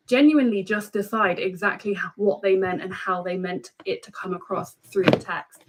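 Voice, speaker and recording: A woman's voice: mid-range voice, a bit bright, low-quality recording. A woman co-hosting a live stream, talking in a chatty, rambling way with many fillers.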